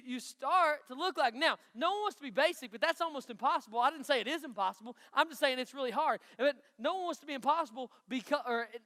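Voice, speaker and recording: A man's voice: extremely high pitch, bright, forceful tone. A man from Knoxville, Tennessee, with an East Tennessee country accent, giving a chatty, folksy youth sermon and asking the crowd questions. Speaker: youth pastor. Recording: long hall reverb.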